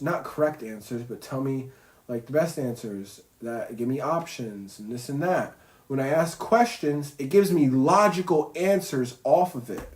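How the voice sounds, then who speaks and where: A man talks casually on a livestream from his bedroom, rambling, cursing and throwing in playful sound effects. His voice sits at an ordinary middle pitch for a man. The room gives it a noticeable echo. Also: a little mellow. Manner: rambling, profane, slangy, makes zooming sound effects. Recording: roomy echo.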